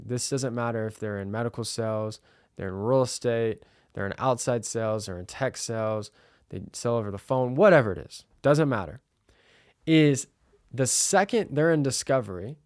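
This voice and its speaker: An energetic man hosting his own podcast coaches listeners on sales in a direct, conversational monologue. His voice sits at an ordinary pitch, recorded close and dry with no room sound. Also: dry recording. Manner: energetic, acts out customer dialogue. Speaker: podcast host.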